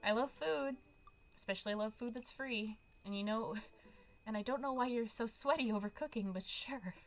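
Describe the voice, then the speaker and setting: A woman's voice: a little high, normal speed, close to an everyday voice. Woman reading a laid-back dude buddy. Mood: easygoing. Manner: easygoing, dudely. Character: laid-back adult male buddy, food-loving.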